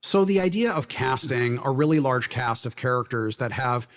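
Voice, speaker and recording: A man being interviewed about making a game, explaining at length in a relaxed conversational way and laughing often. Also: medium pitch, moderate pace. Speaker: game director, interview guest. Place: university library event.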